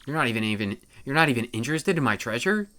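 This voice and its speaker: Boastful undead pirate skeleton king from a video game, done by a man, theatrical and gloating, crisp bright tone. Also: mid-range voice, animated, fast talker.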